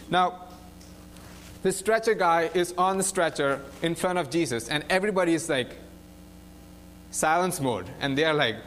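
Animated young preacher retelling a story. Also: male voice, on the high side, slight background noise. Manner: animated storytelling with frequent "like" and "right?". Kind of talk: casual sermon retelling a Bible story.

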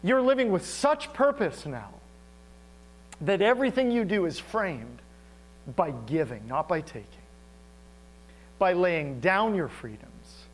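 A man preaching a sermon as pastor, animated and asking the congregation rhetorical questions. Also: high voice, rough recording.

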